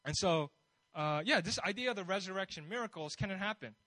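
A man's voice: high-pitched, lively intonation, a little fast, pushed and bright, dry recording, low-quality recording. A man preaching a sermon in a conversational way, building his points with rhetorical questions and bold emphasis.

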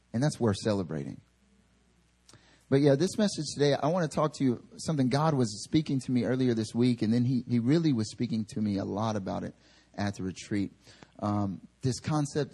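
Husky-voiced preacher man. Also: medium pitch. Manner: animated storyteller acting out quotes; casual filler-heavy delivery. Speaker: pastor. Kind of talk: sermon. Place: church service.

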